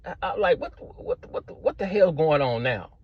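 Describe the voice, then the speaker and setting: A man's voice: on the high side, lively intonation, moderate pace, a little hiss or hum. A middle-aged man telling a story in casual street slang, filling his talk with "man" and "bro". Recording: dull lo-fi sound, dry.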